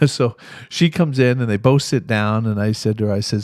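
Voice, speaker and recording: A man's voice: mid-range voice, lively intonation, moderate pace, darkish tone, dry recording, studio quality. A man being interviewed as a therapist, telling stories animatedly and acting out the voices of the people in them. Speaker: guest, therapist. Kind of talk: storytelling interview talk.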